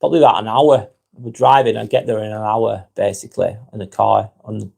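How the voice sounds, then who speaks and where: A man with a Lancashire accent hosting a live stream, reading viewer comments aloud and talking in a gentle, reflective way. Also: lowish voice, steady tone, brisk, vocal fry, slightly rough. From Northwest England.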